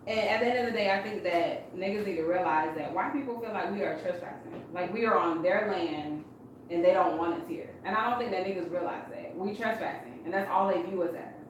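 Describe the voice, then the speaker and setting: A woman's voice: fairly low pitch, a little fast, noisy background. A woman on a podcast giving blunt, emphatic opinions in casual banter. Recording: echoey room, distant mic.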